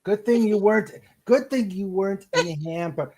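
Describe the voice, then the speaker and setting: A woman's voice: mid-range voice, normal speed, darkish tone, rough recording. A woman hosting a casual chat, reading viewer comments aloud and laughing along. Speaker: host.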